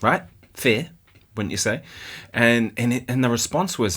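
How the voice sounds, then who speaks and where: New Zealand man, easygoing guitar host, average pitch, talks loosely and keeps checking in with "right?". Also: lively intonation, a little slow, long pauses, a bit bright, breathy edge. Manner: chatty, laughs often, keeps asking "right?". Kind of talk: casual commentary on viewer comments.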